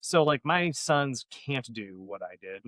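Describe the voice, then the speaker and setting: A man's voice: mid-range voice, big pitch swings, unhurried, a bit bright, dry recording. A man co-hosting a podcast, telling long profane stories in a loose, rambling way. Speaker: podcast co-host. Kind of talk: casual podcast chat.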